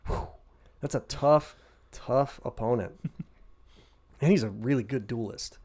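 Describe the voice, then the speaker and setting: A man co-hosting a casual podcast, recapping a story over beers with heavy swearing. He jumps into quick shouted impressions. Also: medium pitch, slightly rough. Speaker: podcast co-host.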